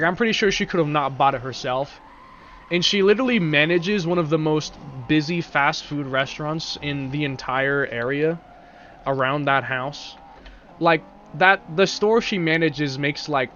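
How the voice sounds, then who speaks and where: A man's voice: fairly high pitch, a bit bright, dull audio, slight background noise. A man with a sore throat chatting casually and rambling while he streams a game. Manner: rambling, casual, swears freely. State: sore throat, speaking carefully. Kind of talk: casual live-stream chat while gaming.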